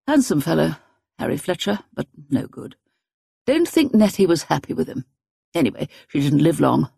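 A woman voicing a blunt, eccentric elderly spinster in an audiobook, with a brisk, imperious manner. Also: sits low, gravelly, darkish tone, breathy edge, no echo, clean studio sound, exaggerated voice. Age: older. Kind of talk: audiobook character voice.

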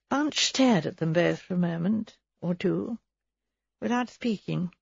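A woman reads a mystery audiobook in a measured, quiet way with a slightly husky voice. The recording is dry and close, with a dull, lo-fi edge. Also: on the low side, expressive, no echo. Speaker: audiobook narrator. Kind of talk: scripted audiobook narration.

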